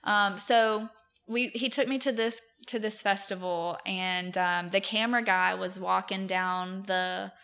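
A woman's voice: mid-range voice, fairly even intonation, unhurried, a bit bright, clean tone. A woman, telling stories as a podcast guest, chatty with many fillers and frequent laughs. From Mobile, Alabama, US. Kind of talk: casual chat.

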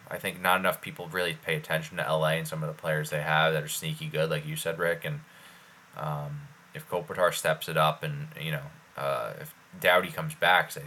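A man's voice: extremely low pitch, pushed and bright. A man co-hosting a casual sports podcast, rambling with lots of fillers. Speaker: podcast co-host.

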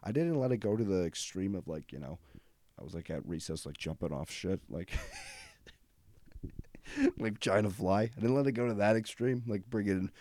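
Young guy podcast host, deep mellow voice, rambly and sweary, dry close sound. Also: expressive, a little fast, no echo. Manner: rambling, self-interrupting, swears casually. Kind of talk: casual rambling comedy monologue.

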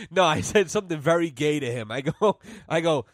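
A man's voice: a little high, lively intonation, normal speed, dry recording, studio quality. Swearing, laughing young man telling stories. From New England. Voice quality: swears constantly, laughs mid-sentence. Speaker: podcast host. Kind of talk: casual storytelling chat.

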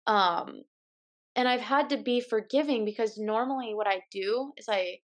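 A woman's voice: fairly high pitch, moderate pace. A woman in her twenties, a podcast guest, chatting casually and candidly, acting out quoted lines in her own voice. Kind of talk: casual chat.

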